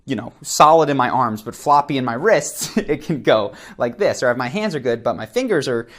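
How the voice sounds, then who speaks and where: A man giving an energetic on-camera lesson as a body-language coach, demonstrating as he talks. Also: medium pitch, brisk. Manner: energetic, demonstrative, plays with tone and rhythm. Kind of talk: on-camera instructional talk. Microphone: close camera framing, seated.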